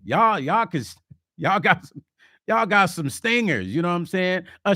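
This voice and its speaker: A man hosting a casual livestream vlog, reading viewer comments and talking relationships in a chatty, animated way. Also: high-pitched, normal speed, no echo, studio quality. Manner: chatty, animated, slips into mock quotes. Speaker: vlog host.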